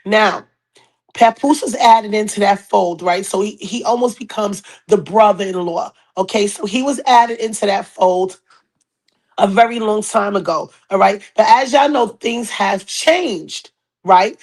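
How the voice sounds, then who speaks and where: A woman with a hoarse, raspy voice from a cold, hosting a casual podcast and greeting viewers in a chatty, repetitive way. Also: medium pitch, moderate pace, darkish tone. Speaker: podcast host. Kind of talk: casual live-stream chat.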